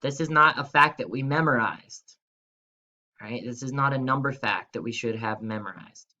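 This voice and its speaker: A man's voice: mid-range voice, normal speed, bright, forceful tone, dull audio. A young man teaching a video lesson to schoolchildren in an upbeat, chatty way, talking straight to the kids. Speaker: third-grade teacher.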